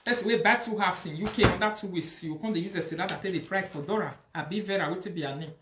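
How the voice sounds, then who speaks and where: An online commentator with a Nigerian Pidgin accent lectures and scolds in a social media video, preachy in tone and mixing Pidgin with Yoruba-like phrases. Her voice is on the low side and quick, in an echoey room with heavy background noise.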